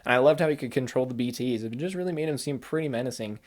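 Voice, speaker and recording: A man's voice: mid-range voice, fast, a little mellow. Enthusiastic man rambling about a game. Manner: enthusiastic, rambling, acts out quotes in voices. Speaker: game reviewer. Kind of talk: casual spoiler chat.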